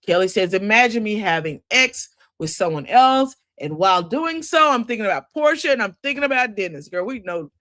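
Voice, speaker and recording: A woman gives a loose, chatty recap of a reality show. Her voice sits in a middle pitch and jumps way up high when she wants to stress something. It sounds dry and close to the mic, with no room around it. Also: animated, brisk, few pauses, a bit bright, no echo. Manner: chatty, sassy asides, swoops up high for emphasis. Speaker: recap host.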